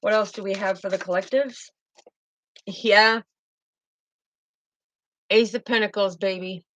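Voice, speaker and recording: A woman's voice: medium pitch, steady tone, a little slow, fairly bright tone, no room sound, dull audio. A woman giving a spiritual tarot reading in a fervent, emotive way, often repeating herself. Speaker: tarot reader.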